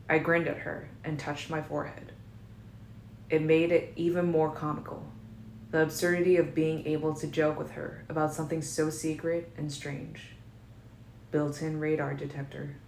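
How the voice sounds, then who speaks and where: Woman audiobook narrator; low, even delivery; faint hiss in an echoey room. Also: gravelly. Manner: calm, measured first-person reading. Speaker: audiobook reader. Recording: roomy echo, faint noise.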